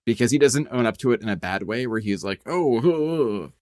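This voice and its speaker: A man's voice: fairly low pitch, quick pace. A man co-hosting a podcast in casual chat, musing aloud and swearing casually. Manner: swears casually, muses with many "like" fillers. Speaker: podcast co-host.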